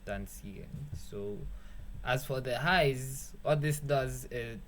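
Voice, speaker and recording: A man's voice: medium pitch, slow, a bit bright, faint music behind. A young man hosting a beat-making tutorial in a loose, rambling way, swearing casually and joking at his own expense. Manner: rambling, self-mocking, swears casually, laughs at own jokes. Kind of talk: casual screen-recorded tutorial.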